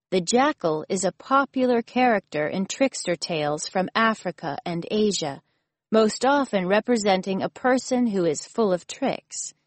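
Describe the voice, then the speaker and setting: Slow, measured woman narrator. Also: medium pitch, dry recording. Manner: clear, measured reading. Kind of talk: scripted storybook and nonfiction narration.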